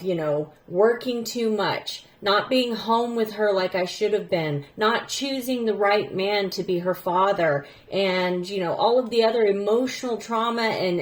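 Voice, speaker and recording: A woman in her thirties, a teacher, telling a personal story in an earnest, rambling way that often sinks to a soft, low voice. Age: 30s.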